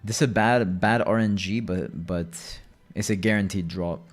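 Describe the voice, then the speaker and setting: A man's voice: sits low, normal speed, soft background music. A young man streaming a game, chatting and telling rambling stories with plenty of swearing. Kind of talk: casual gaming commentary.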